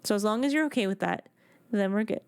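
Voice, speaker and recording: A woman in her thirties chatting casually with viewers on a live game stream, excitable and prone to restarting her sentences. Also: mid-range voice, fast, smooth, no room sound.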